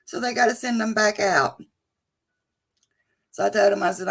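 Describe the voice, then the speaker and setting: Chatty and warm, this middle-aged livestream host welcomes viewers by name, calling them "honey" and "sweetheart." She speaks at a medium pitch and moderate pace, her tone a bit bright.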